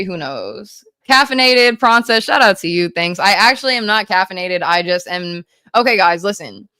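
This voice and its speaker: A woman livestreaming, reading chat messages aloud in a hyper, rapid-fire, casual way with frequent swearing. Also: on the low side, a bit bright, clean tone, no echo.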